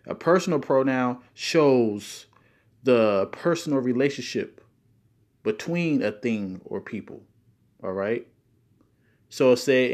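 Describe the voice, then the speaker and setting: A man with a speech impediment teaching from scripture in a video, stressing key words as he reads verses aloud. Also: mid-range voice. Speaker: Bible teacher.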